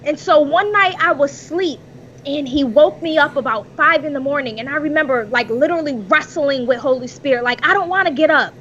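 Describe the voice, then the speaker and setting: A woman's voice: high voice, a little fast, fairly bright tone, lo-fi sound, a little hiss or hum. A woman guest on a podcast, telling her life story as an earnest, preacherly testimony.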